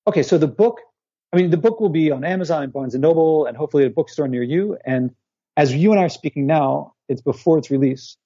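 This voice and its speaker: Heard over a remote call line with dull lo-fi sound, a forty-something author guesting on an interview talks conversationally through his stories, imitating the people he quotes. He speaks fast in a fairly high voice with a breathy edge, recorded dry.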